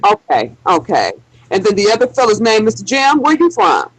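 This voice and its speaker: A woman's voice: mid-range voice, huge pitch swings, normal speed, no room sound, poor audio. A woman from Milwaukee, new to podcasts, chatting with the hosts and calling them fella and honey. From Milwaukee, Wisconsin. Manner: friendly, calls others fella and honey. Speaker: call-in guest. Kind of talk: casual chat.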